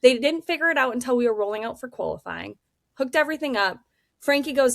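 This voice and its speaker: Young woman guest, candid and animated, swears freely, fairly high voice, dry sound. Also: fast, creaky, no echo. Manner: blunt, animated, swears freely, acts out dialogue. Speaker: race car driver, interview guest. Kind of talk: candid casual storytelling.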